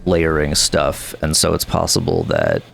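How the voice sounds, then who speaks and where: A man's voice: very deep voice, sing-song, unhurried, vocal fry, fairly bright tone, slight background noise. A man co-hosting a podcast, talking casually about music with rambling, opinionated remarks. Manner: rambling, opinionated, frequent restarts. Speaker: podcast co-host. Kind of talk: casual chat.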